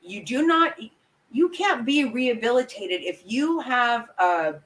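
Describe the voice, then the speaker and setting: A woman's voice: fairly high pitch, animated, a little slow, fairly bright tone, poor audio. A woman giving angry, blunt, profane commentary as a vlogger, talking straight to her viewers. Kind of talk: opinionated live commentary.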